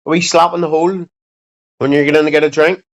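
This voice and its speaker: Male streamer, slightly high voice, profane and blunt, dull lo-fi sound. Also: flat delivery, fast, gravelly. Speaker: livestream host. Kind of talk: casual rambling chat to viewers. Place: home streaming setup.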